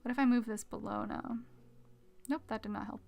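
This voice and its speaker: A woman streaming her drawing, chatting casually with viewers and muttering quietly to herself as she works at a mic with a pop filter. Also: on the high side, steady tone, brisk, vocal fry. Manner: chatty, reads chat aloud, mutters quietly to herself while working. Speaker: art streamer. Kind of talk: casual live-stream chat while drawing. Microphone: desk mic with pop filter.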